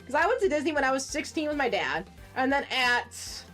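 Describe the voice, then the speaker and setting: Ranting woman streamer in her forties, high voice. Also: fairly quick, soft background music. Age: 40s. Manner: ranting, profane, animated outbursts. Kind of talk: casual gaming stream chat.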